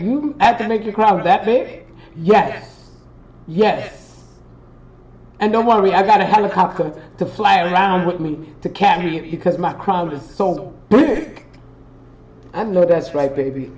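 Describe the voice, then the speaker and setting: A woman's voice: fairly low pitch, a little mellow, poor audio. A woman hosting a live stream, giving an emphatic, preachy and profane motivational pep talk straight to her viewers. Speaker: spiritual reader and live-stream host.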